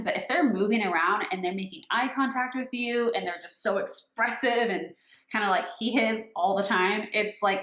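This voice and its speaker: A woman's voice: mid-range voice, a bit bright. A woman giving a casual, enthusiastic reaction to a performance video and laughing as she talks. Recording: roomy echo with music.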